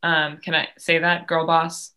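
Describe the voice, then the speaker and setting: Young woman on a podcast, bright voice pitched kinda low, gushy and chatty, lots of ums. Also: level tone, unhurried. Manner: enthusiastic, laughing, filler-heavy. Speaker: podcast guest. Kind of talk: casual chat.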